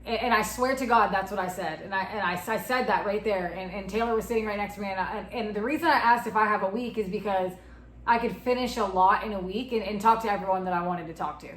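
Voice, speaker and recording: A woman's voice: mid-range voice, fast. A woman in her twenties recounts a personal experience candidly in an interview, acting out the dialogue as she goes. The room sounds echoey, with a faint hiss underneath. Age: 20s. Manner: candid, retelling with quoted dialogue. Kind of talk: personal story in a recorded interview.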